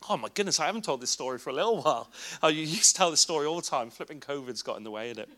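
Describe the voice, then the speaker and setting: A man's voice: on the high side, lively intonation, racing, sharp tone. A man in his thirties with an English accent, giving a candid, informal personal testimony at a church children's ministry event, with asides to the audience.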